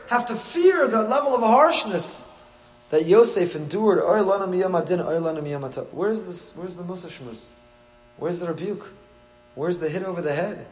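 Male rabbi giving a sermon, voice sitting a touch high, repeats lines, asks questions, swings in volume. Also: roomy sound, low-quality recording. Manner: rhetorical questions, repetition, dramatic swings in volume; storytelling, acts out quoted voices.

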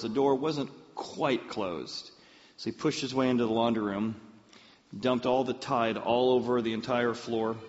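A man preaching a sermon, telling a personal story in an animated way and acting out the voices he quotes. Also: mid-range voice. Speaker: pastor. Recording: muffled sound with long hall reverb.

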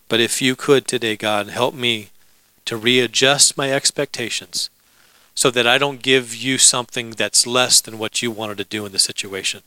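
A male pastor delivers a sermon in a bright, crisp voice. He preaches casually, mixing humor and asides to the congregation. The sound is dry and close. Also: medium pitch, fairly even intonation, normal speed, dry recording, rough recording.

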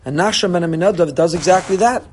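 A rabbi delivers a sermon in a high, bright-pitched voice. He preaches with animated emphasis, often slipping into dramatized quoted speech. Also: fast talker, slight background noise. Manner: animated preaching, voicing God and congregants.

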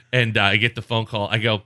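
A man's voice: fairly low pitch, moderate pace. A man co-hosting a podcast, telling a story in casual chat and putting on voices as he goes. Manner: animated storyteller, puts on voices. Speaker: podcast co-host.

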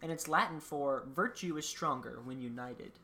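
A woman's voice: low voice, normal speed, bright, forceful tone, slight background noise. A woman co-hosting a casual podcast, reading out facts with dry jokes and frequent ums. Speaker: podcast co-host presenting country facts.

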